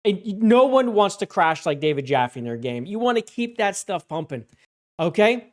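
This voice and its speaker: A woman's voice: medium pitch, very animated, normal speed, a little mellow. A woman with a mid-range voice hosts a comedy award show. She rambles, trips over her words and breaks into sarcastic bursts of mock panic.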